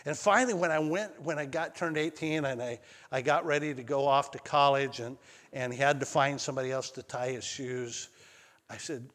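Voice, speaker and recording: A male pastor telling a personal story in a sermon, swinging between loud calls and hushed lines. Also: medium pitch, steady tone, moderate pace, in a large hall. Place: church sanctuary.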